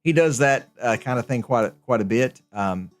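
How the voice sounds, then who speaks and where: A man who works in TV, visiting a radio studio as a guest and chatting in a friendly, laughing way, often pausing with fillers. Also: mid-range voice, lively intonation. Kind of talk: casual radio chat.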